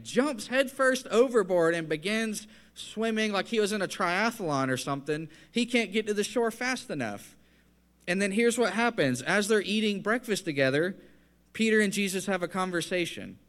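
A man's voice: sits high, lively intonation, normal speed, a bit bright. A man preaching a sermon in an earnest, conversational way, building to emphatic points.

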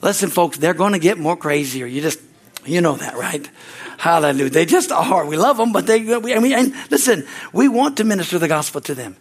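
Brief: high-pitched man, preaching pastor, fervent, peppers lines with hallelujah and amen, swings from loud to hushed. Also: expressive, a little fast. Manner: shifts between loud rises and low, quiet asides. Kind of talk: sermon.

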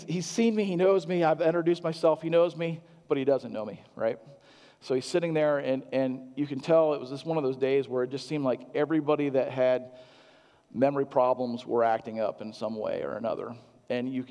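A male pastor preaching a sermon in a halting, earnest way, full of restarts and fillers. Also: mid-range voice, fairly even intonation, mellow, long reverb tail.

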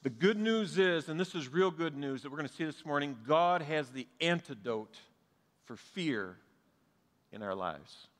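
A man's voice: a little high, expressive, measured pace. A man, preaching a sermon as pastor to a live and online congregation, earnest and conversational with touches of humor. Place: church sanctuary, live and streamed. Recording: long hall reverb.

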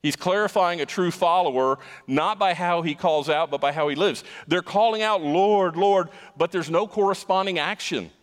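Male preacher giving a sermon, kinda high voice, emphatic, echoing sanctuary. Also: moderate pace, few pauses, a bit bright. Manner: emphatic, repeats words when stressing a point. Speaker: pastor.

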